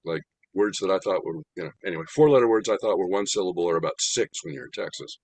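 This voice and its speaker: An older American man giving an animated, humorous talk about his spiritual path, slowing down to stress points. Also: low-pitched, gravelly. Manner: animated, humorous, slows down for emphasis. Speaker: spiritual speaker. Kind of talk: storytelling talk.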